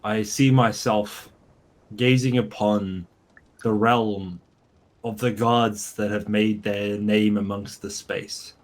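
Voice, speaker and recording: A man playing a tabletop game, giving slow, earnest speeches in character. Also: lowish voice, fairly even intonation. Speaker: player.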